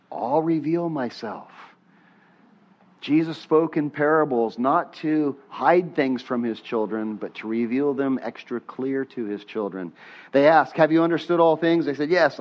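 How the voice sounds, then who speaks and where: A man preaching a sermon as pastor, talking with the congregation and having them say lines back to him, his voice rising on questions and dropping soft on prayers. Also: mid-range voice, moderate pace. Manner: conversational, asks the congregation to repeat lines. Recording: dull muffled sermon recording.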